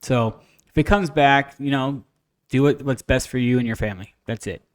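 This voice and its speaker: A man co-hosting a casual podcast chat, animated, breaking into raised voices when he imitates people. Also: medium pitch, normal speed, dry recording, clean studio sound. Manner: animated storyteller, mimics others in raised voice. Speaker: podcast co-host.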